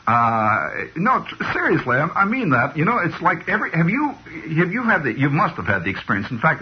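A man's voice: mid-range voice, slight background noise. A man delivering a rambling comic radio monologue. He digresses constantly and keeps restarting with "you know". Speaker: radio host. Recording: dull lo-fi old radio recording.

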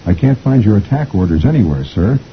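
A man voicing a timid, eager little army lieutenant in a high polite voice. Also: very animated, a little fast, dull audio, a little hiss or hum. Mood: anxious.

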